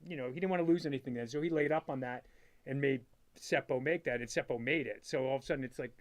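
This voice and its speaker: A middle-aged man, a father, telling a story as a guest in a casual interview, animated and full of "like" fillers, acting out what he said. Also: mid-range voice. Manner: animated, quick storyteller, full of "like" fillers, acts out his own past lines. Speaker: guest, father of a disc golf player.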